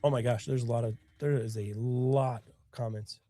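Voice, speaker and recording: A man's voice: mid-range voice, steady tone, moderate pace, dark tone, soft background music. A man with bronchitis, sniffling as he hosts his own live stream in casual chat. He tells stories earnestly and emotionally, with a lot of rambling.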